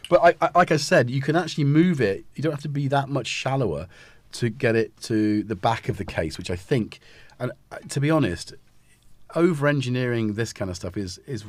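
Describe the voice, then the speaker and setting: A man's voice: fairly low pitch, dry recording. A man hosting a casual live stream, talking in a rambling, self-interrupting way while he fits synth modules into a case. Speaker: host.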